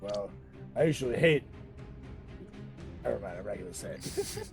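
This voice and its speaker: A man playing in a tabletop game, enthusiastic and quick to laugh. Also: lowish voice, big pitch swings, creaky, soft background music. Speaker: player. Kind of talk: casual tabletop play.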